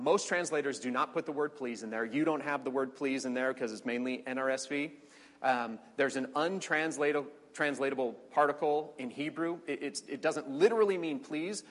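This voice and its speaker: A man teaching a conversational Bible study, chatty, with fillers and quick quoted asides. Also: mid-range voice, fairly bright tone. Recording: long reverberant hall.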